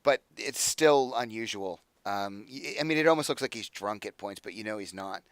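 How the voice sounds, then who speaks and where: A young man narrating as game master, casual and halting with fillers. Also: fairly low pitch, no echo.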